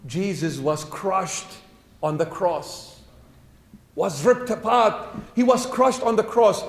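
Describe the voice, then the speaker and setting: A man's voice: sits high, sing-song, slow. A man preaching a sermon as a bishop, emphatic, with repeated phrases and rhetorical questions. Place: church. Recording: echoey church hall.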